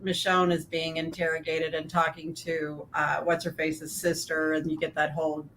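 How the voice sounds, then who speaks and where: A woman co-hosting a casual fan podcast, chatty and quick to laugh as she goes through her slides. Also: low voice, level tone, a bit bright, a little hiss or hum. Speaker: podcast co-host.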